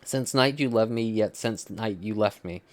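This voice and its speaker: A man's voice: on the low side, moderate pace, no echo, lightly acted. A man reading the lines of a distraught young woman in love, with stumbles and laughs. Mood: pleading.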